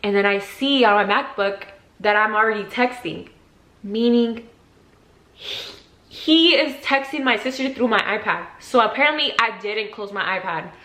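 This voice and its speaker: A young woman vlogger tells a story in a casual storytime video, chatty and packed with "like." She acts out quotes with sudden jumps in loudness. Her voice is medium-pitched at a moderate pace, and the recording has a roomy echo.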